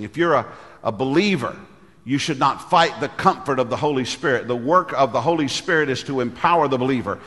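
A man's voice: mid-range voice, fairly bright tone. Folksy preaching man in a reverberant church. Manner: folksy storyteller who acts out quoted voices. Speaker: pastor. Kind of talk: sermon with storytelling.

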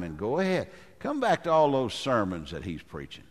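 A male pastor delivers a dramatic sermon in a church with a long, ringing reverb. His voice sits at a middle pitch and he often clears his throat. He slows down and sinks low for the giant's taunts, then lifts again to exhort. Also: wildly swooping pitch. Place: church sanctuary.

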